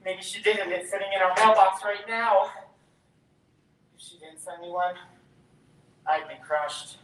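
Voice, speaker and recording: A woman's voice: mid-range voice, a little slow, a bit bright, natural voice. A young woman playing a nervous, self-doubting young boy in a stage musical, talking and singing to himself, recorded from far off in a school auditorium. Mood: eager. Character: anxious, hopeful young boy, eternal underdog. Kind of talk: stage musical theater acting. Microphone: distant, recorded from the audience. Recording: echoey hall from far off with music.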